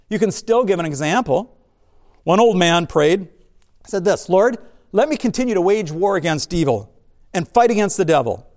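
A man's voice: sits high, vocal fry. A man pastor giving a sermon, preaching in a conversational way with asides and humor.

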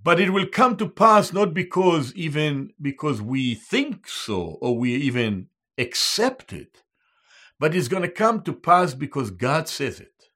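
Slow, lively-pitched preaching man. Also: husky. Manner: slow, emphatic, repeats each term in Hebrew and English. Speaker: Bible teacher. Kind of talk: sermon.

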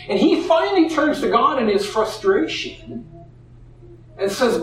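A man preaching a sermon, expressive, acting out the voices in the story he tells. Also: very high voice, normal speed. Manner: expressive, acts out quoted voices. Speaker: pastor. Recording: echoey room, heard from a distance.

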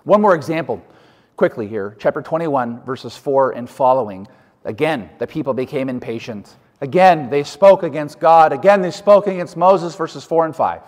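A man's voice: on the high side, animated, normal speed, a little mellow. A man preaching a sermon, emphatic, often putting questions to his listeners. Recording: hall reverb.

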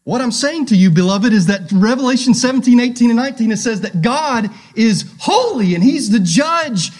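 A man preaching a sermon as pastor, reading scripture aloud and asking his listeners direct questions, swinging between loud emphasis and hushed tones. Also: very high voice, lively intonation, moderate pace.

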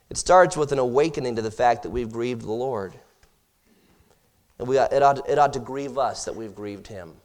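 A middle-aged man preaching a sermon to his congregation, moving between hushed, low passages and loud, emphatic ones. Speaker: pastor. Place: church hall with congregation.

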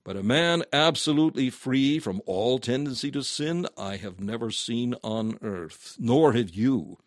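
A man reading a sermon aloud in an earnest, measured, emphatic way. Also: mid-range voice, lively intonation, dry recording, studio quality. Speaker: preacher.

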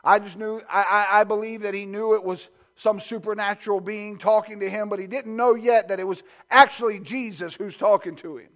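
A man's voice: high-pitched, fairly even intonation, a little fast, hardly any pauses, a bit bright. A man preaching a fervent sermon, asking the congregation questions and building his points through repeated phrases. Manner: asks the congregation rhetorical questions.

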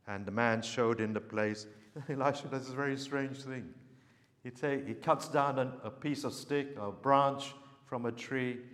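A man preaching a sermon, telling a story in an earnest, unhurried way. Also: medium pitch, fairly bright tone, big-room sound.

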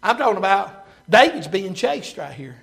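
Preacher guy, high voice, goes from shouting loud to real quiet and low, lots of uh uh. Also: very animated, normal speed, vocal fry, soft background music. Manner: swings from loud preaching to hushed low tones. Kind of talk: sermon.

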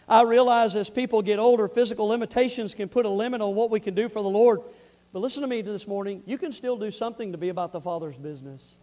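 Preaching with a Southern accent, this man speaks in a voice that sits high. He moves emphatically from loud, pressing appeals to quiet, heartfelt asides.

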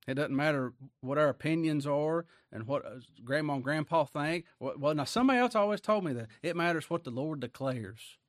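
A man's voice: on the high side, animated, a little fast, few pauses, no echo, studio quality. A man preaching a conversational sermon, often asking his listeners rhetorical questions.

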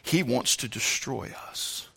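A man preaching a sermon as pastor, who moves from low, measured talk to shouted preaching. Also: gravelly, slightly rough. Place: church.

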